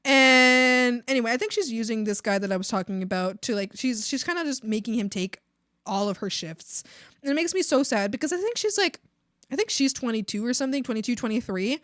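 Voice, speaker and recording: A young woman streamer venting to her chat in a casual, profane, animated rant, mocking other people's voices as she goes. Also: fairly high pitch, brisk, no room sound, clean studio sound. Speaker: art streamer. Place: home streaming setup.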